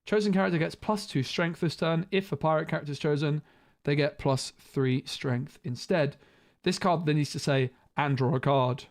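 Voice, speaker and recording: A man's voice: a little high, normal speed. A man streaming a casual card review, thinking aloud with frequent restarts.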